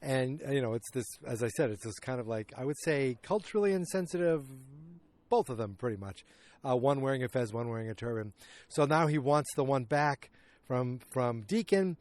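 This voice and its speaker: A man's voice: mid-range voice, animated, moderate pace, a little mellow, dry recording. Man casually recapping a sitcom. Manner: rambling, acts out quotes in raised voices. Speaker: podcast host.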